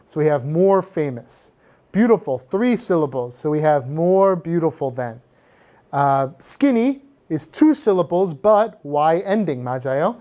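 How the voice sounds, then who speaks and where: A man's voice: on the high side, very animated, moderate pace, warm tone. A man reviewing English grammar for a class, patiently explaining rules with many fillers and switching into Korean. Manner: frequent filler sounds. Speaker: English teacher.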